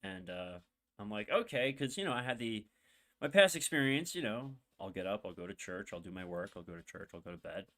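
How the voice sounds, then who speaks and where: A man's voice: fairly low pitch, expressive, fairly quick, sharp tone. A young man hosting a podcast, telling a long personal story in a rambling, candid way with many fillers and asides, emotional and holding back tears. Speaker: podcast host.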